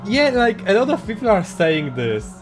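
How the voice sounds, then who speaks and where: A man streaming a game, chatting casually and excitably, reading chat and game text aloud. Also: sits high, normal speed. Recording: game music playing under the voice.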